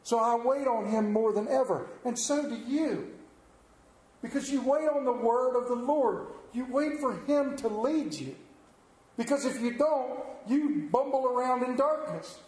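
Man, pastor, middle-aged, folksy sermon, self-deprecating, high voice, echoey church. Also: unhurried, darkish tone. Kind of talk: sermon with storytelling.

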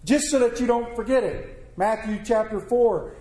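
A man with a high voice delivers a sermon in a folksy, conversational manner, acting out little quoted asides. His tone is dark and mellow. The room around him is echoey. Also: normal speed. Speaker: preacher.

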